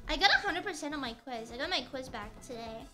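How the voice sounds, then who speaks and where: A young woman chats in a loose, playful ramble as she works on a craft during a live stream. Her voice sits high and comes across bright and clear. Soft music plays faintly behind her. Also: lively intonation, fast. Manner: rambling, playful, chatty with restarts. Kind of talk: casual chat while crafting on stream.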